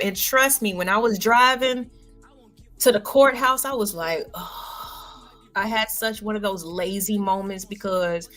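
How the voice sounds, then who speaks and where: A woman's voice: medium pitch, a bit bright. Woman rambling on her livestream, slangy and laid back, medium voice, bit of music in the back. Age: adult parent. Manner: loose and chatty, full of fillers and slang. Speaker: livestream host. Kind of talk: casual livestream monologue. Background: faint background music.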